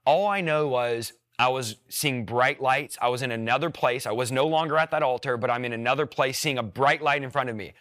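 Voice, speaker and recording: Bright-voiced young man giving testimony. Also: mid-range voice, a little fast, hardly any pauses. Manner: earnest, emotional storytelling with repeated phrases. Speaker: podcast guest. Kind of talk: personal faith testimony.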